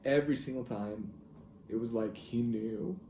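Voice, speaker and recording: A young man telling a personal family story in a halting, reflective way, with soft laughs. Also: mid-range voice, slight background noise. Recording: echoey room with faint ambience.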